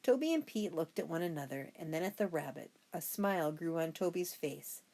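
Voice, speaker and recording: A woman's voice: low voice, expressive, brisk, dark tone. A woman reading a children's storybook aloud, narrating expressively. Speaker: reader.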